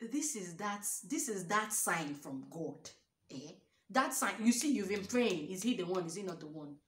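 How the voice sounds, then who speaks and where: Emphatic Nigerian woman giving relationship advice. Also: medium pitch. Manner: emphatic, preachy, rhetorical questions. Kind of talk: storytime advice monologue. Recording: roomy echo.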